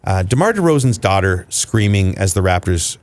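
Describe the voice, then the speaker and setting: A man with a fairly low voice hosts a casual sports podcast. He talks in a lively way and keeps pulling the chat back on track with jokey remarks. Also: moderate pace. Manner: lively, steering the talk with jokey wrap-ups. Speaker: podcast host.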